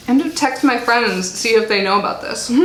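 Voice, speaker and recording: A chatty woman with a high, bright voice reads snack labels aloud and chats between bites in a casual unboxing vlog. Her voice bounces around an echoey room with faint background noise. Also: expressive, moderate pace. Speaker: subscription box reviewer. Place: home in Florida.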